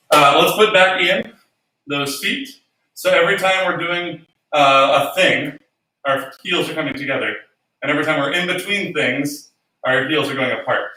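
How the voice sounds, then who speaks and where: Bright-voiced man teaching dance in an echoey room. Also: fairly high pitch, moderate pace, recorded from a distance. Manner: counts beats aloud in rhythm, instructive. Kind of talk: dance lesson with counting.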